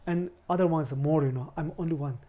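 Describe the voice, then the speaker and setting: A man in his forties from India, a Buddhist lama, telling his life story in a halting way, searching for words and often saying "you know". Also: fairly high pitch, lo-fi sound. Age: 40s. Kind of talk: personal storytelling interview.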